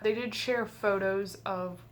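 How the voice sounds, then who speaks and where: A young woman talks casually through an unboxing at home, joking around and drifting into rambling asides. Her voice sits at a middle pitch. A faint hiss stays in the background. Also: fairly even intonation, slow. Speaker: vlogger.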